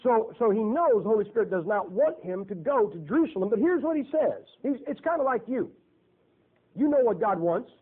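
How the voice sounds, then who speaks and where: High-voiced folksy male preacher, tinny. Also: lively intonation, brisk, husky. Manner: folksy, joking, emphatic preaching. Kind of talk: sermon. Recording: tinny phone-like lo-fi recording.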